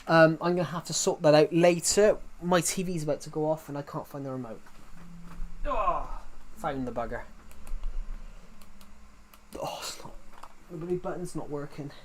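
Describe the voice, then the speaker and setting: A man's voice: on the high side, a little fast, a little hiss or hum. A man, chatting casually to viewers on a live game stream, rambling and often restarting his sentences.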